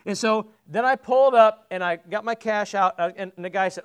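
High-voiced pastor preaching conversationally. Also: male voice, fairly quick, clear, resonant tone. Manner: conversational, asks the congregation questions. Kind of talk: sermon. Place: church sanctuary.

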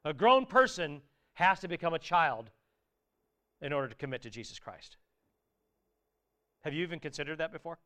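A man preaching a sermon with a high, smooth and resonant voice. He talks to the congregation in an earnest, conversational way. Now and then he bursts into a loud exclaimed aside. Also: animated, normal speed, pauses often.

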